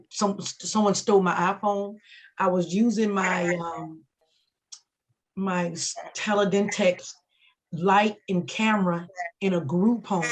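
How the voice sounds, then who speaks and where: A chatty woman with a drawl joins a webinar over a video call. She talks with open enthusiasm and restarts her sentences here and there. Her pitch sits in the middle of the usual range. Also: a little hiss or hum. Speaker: oral health worker on a webinar. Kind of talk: unscripted webinar talk.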